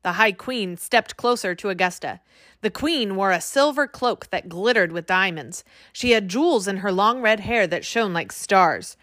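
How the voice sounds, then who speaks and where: Animated woman reading a children's book. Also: medium pitch, moderate pace, no echo, studio quality. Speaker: narrator.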